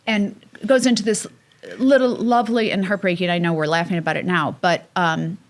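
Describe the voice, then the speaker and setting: A middle-aged woman, a guest mother, telling a personal story in an emotional, halting way on a casual podcast. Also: on the low side, steady tone.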